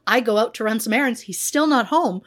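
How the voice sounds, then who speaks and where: A woman's voice: fairly high pitch, brisk, a bit bright. A woman co-hosting a podcast in casual chat, joking about her own anxieties with frequent laughter. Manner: self-mocking, anxious humor with frequent laughs. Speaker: podcast co-host.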